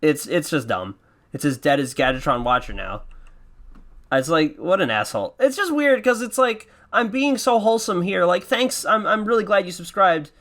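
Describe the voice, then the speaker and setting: A man's voice: high-pitched, animated, moderate pace, a bit bright. A man hosting a casual commentary, talking in a profane, self-mocking, rambling way. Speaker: podcast host. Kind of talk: casual commentary on his old videos.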